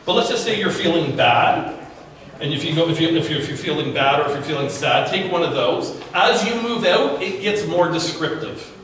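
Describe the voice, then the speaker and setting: A man's voice: a little high, animated, normal speed, fairly bright tone. Man speaking in an echoey room. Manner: conversational, with frequent restarts and repeated words. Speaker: guest speaker. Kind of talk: live talk to a business audience. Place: event room at a networking event. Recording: echoey room from far off with faint background noise.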